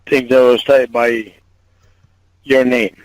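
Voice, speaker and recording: A man's voice: mid-range voice, flat delivery, slow, slight background noise. A man on a phone call, agitated, swearing often and repeating himself.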